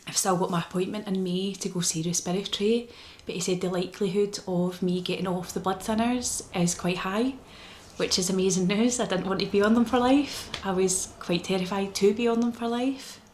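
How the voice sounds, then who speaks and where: A woman's voice: mid-range voice, darkish tone, roomy sound, a little hiss or hum. A woman with a Scottish accent giving a casual personal update to her vlog, telling her story in an earnest, emotional way. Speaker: vlogger.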